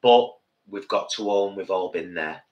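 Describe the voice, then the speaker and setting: A man's voice: sits low, measured pace, echoey room, muffled recording, a little hiss or hum. A man co-hosting a live vegan cooking stream, talking earnestly and directly to viewers from a home kitchen. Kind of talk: casual live-stream chat.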